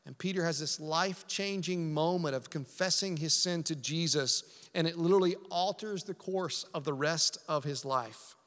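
A man's voice: a little high, normal speed, hardly any pauses, fairly bright tone. A man preaching a sermon as pastor, emphatic and repetitive, asking rhetorical questions. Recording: long hall reverb.

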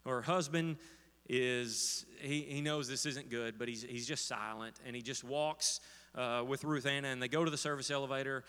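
A man's voice: medium pitch, fairly even intonation, normal speed, a bit bright, smooth. A man telling a story in a sermon as pastor, with frequent fillers and restarts. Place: church sanctuary. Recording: long hall reverb.

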